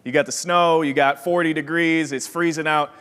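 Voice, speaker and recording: A young adult man from Wisconsin, USA gives a motivational keynote, energetically telling his story and acting out the voices of others. His voice sits a little higher than most men's, clear and resonant at a moderate pace, with long reverb from a large hall.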